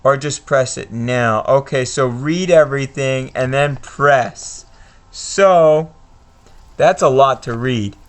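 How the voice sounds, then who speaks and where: A man gives casual commentary on a block-building game as he plays, with frequent fillers and a slow, relaxed pace. His voice sits at a middle pitch for a man. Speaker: gaming video host. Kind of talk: casual let's-play commentary.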